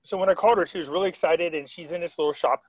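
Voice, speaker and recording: A man's voice: on the high side, racing, dry recording, muffled recording. Rambling storyteller man on a call. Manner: rambling, retells quotes, frequent restarts. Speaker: interviewee. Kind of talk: casual video-call storytelling.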